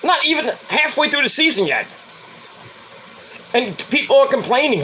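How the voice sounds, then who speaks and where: Brash New host, blunt and swearing, animated pitch swings. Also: male voice, moderate pace, pauses often, a little hiss or hum, rough recording. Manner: profane, blunt, mocks with high whiny voices. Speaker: podcast host. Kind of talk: casual sports rant.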